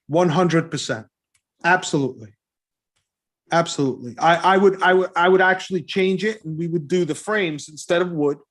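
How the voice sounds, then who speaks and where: Brief: man, slightly high voice, applicant at a planning board, earnest, stumbles and restarts, keen to please. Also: moderate pace, fairly bright tone. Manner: earnest, eager, many restarts. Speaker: applicant presenting a restaurant design. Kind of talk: presentation at a public meeting.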